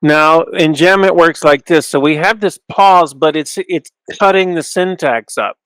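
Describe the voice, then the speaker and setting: A man giving an informal teaching talk, thinking aloud with restarts and slowing down to stress key terms, at times chanting short lines of Hebrew. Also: a little high, fairly bright tone, clear, resonant tone, no room sound, poor audio. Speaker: Bible scholar teaching. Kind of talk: informal lecture with Hebrew recitation.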